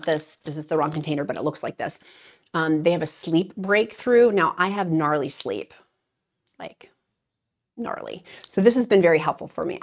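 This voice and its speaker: Rambling, candid woman vlogger. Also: deep voice. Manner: candid, rambling, emotional, many fillers. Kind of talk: casual talk to camera.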